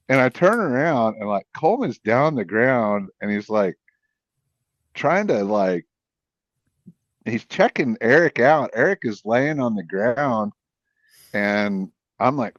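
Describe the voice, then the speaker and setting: A man, a podcast guest, telling a field story in a rambling, animated way with many restarts. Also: medium pitch, measured pace, pauses often, no echo. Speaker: podcast guest, cryptid investigator. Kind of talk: casual storytelling. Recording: dull, dry, lo-fi sound.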